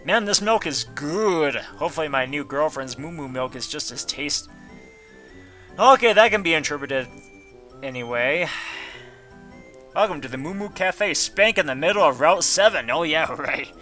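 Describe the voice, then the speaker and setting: Jokey let's player, male, bright somewhat high voice, reads dialogue with silly asides. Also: expressive, normal speed, faint music behind. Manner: jokey, reads game text aloud with goofy asides. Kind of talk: casual gameplay commentary.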